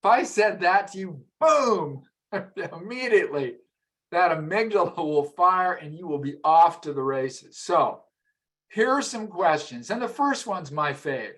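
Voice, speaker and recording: A middle-aged man with a fairly high voice leads a live masterclass. He talks conversationally, often repeats words as he goes, and turns to the audience with questions. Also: lively intonation, measured pace, a bit bright. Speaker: emotional intelligence trainer.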